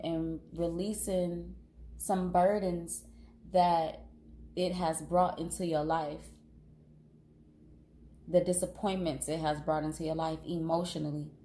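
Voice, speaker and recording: A woman with a slight cold talks slowly through a casual tarot reading. Her voice is mellow and a little low, and she pauses often between phrases. Faint noise sits under the recording. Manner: slow, unhurried, with fillers and pauses. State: has a cold, sniffling. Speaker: tarot reader.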